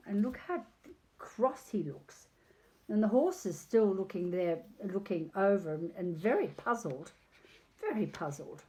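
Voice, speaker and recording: Older woman, picture-book reader, unhurried, chatty asides about the pictures. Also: mid-range voice, animated, mellow. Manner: chatty, digressive, pausing to comment on pictures. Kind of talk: reading a picture book aloud on video.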